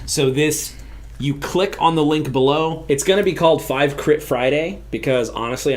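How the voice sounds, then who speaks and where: A man's voice: medium pitch, a little mellow. A man with a mid-range voice co-hosts a tabletop game livestream. He talks casually and loosely, in an upbeat, chatty way. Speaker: co-host of a tabletop game channel.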